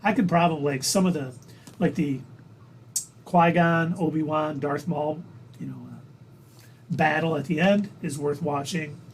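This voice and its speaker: A man's voice: on the high side, fairly even intonation, unhurried, long pauses, a little hiss or hum, low-quality recording. A man co-hosting a casual pop-culture discussion, chatty and loose with lots of fillers. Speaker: podcast co-host.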